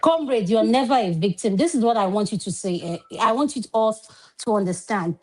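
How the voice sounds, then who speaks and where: A woman's voice: fairly high pitch, animated, brisk, poor audio. A Nigerian woman moderator on an online panel, chatty and assertive. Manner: assertive and chatty, pleading then scolding.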